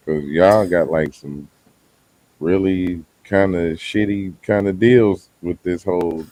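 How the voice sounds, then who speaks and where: A man's voice: low-pitched, fairly even intonation, slow, mellow, no echo, poor audio. A man on a podcast panel, casually teasing the others from a non-believer's side. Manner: teasing, irreverent.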